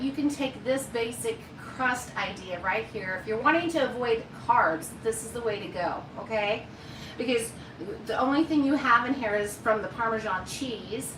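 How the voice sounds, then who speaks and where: A woman's voice: a little high, roomy sound, recorded from a distance, noisy background. A woman hosting a live cooking demonstration, chatty and folksy as she talks straight to her viewers from her home kitchen. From United States. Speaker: cooking show host.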